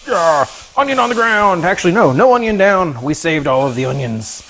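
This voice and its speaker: A man with a high, fairly bright voice hosts a casual cooking livestream in his home kitchen, animated and moderately paced, with slight background noise. Goofy throughout, he chats with viewers and his pets while food sizzles in a pan.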